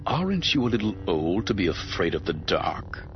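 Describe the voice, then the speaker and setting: A man's voice: deep voice, sing-song, slow pace, lo-fi sound, faint music behind, pitched below the performer's own voice, heavily acted. A man voicing a cold, scornful elderly male Sith lord who taunts his young opponent with contempt. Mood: taunting.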